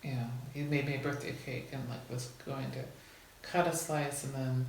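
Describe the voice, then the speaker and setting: A woman's voice: a bass voice, fairly even intonation, normal speed, vocal fry, a little mellow. Woman, candid and rambling, filler words, heavy reverberation, faint background noise. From California. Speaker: interviewee. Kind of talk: personal testimony in a documentary. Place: city street or park. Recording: very echoey, faint ambience.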